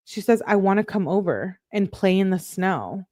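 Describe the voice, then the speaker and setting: A woman's voice: mid-range voice, moderate pace, no echo, studio quality. A woman commentator on a livestream, reading out text messages and breaking in with exasperated asides. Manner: reads both sides of the texts in a flat reading tone, breaks in with exasperated asides. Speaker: true crime commentator on a livestream.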